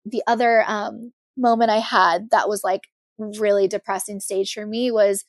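A woman's voice: mid-range voice, steady tone, unhurried, no room sound, clean studio sound. A young woman guest on a podcast, candidly and animatedly telling a personal story with many fillers.

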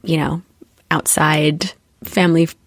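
Lively young woman, low voice, dry sound. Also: measured pace, no echo. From born in the UK, raised in Spain and the USA. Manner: animated, laughs often, slips into playful voices for quotes. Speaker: guest. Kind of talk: casual interview chat.

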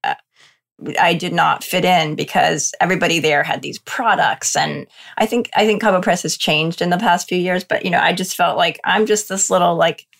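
Middle-aged female podcast guest, low gravelly voice, candid and self-deprecating. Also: normal speed, a bit bright. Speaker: podcast guest, freelance marketer. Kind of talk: casual podcast interview.

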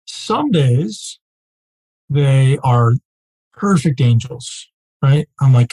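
Husky, mellow-voiced man coaching a group. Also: mid-range voice, sing-song, slow pace, rough recording. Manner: casual and emphatic, peppered with rhetorical "right?". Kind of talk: teaching a live group.

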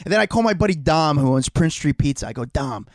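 New guy, podcast co-host, fairly high voice, dry close mic, lively swearing storyteller. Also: fast talker, no echo. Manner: animated, swears freely, acts out quoted voices. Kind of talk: casual storytelling chat. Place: home.

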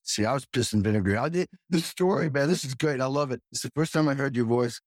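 A man hosting a casual chat, an animated storyteller who acts out quotes. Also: medium pitch, quick pace, no echo, clean studio sound. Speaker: podcast host, drummer.

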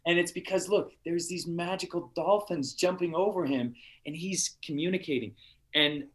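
A man's voice: a little high, fairly bright tone. Earnest man telling a heartfelt story. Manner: earnest, heartfelt, with halting restarts. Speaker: podcast guest, TV show star. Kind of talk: casual interview storytelling.

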